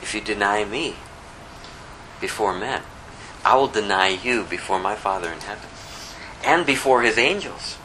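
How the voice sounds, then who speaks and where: A man's voice: lowish voice, animated, moderate pace, pauses often, sharp tone, a little hiss or hum, poor audio. A man giving a conversational, verse-by-verse Bible teaching, reading scripture aloud and explaining it in plain words, with a slight lisp. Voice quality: says he has a lisp. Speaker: pastor.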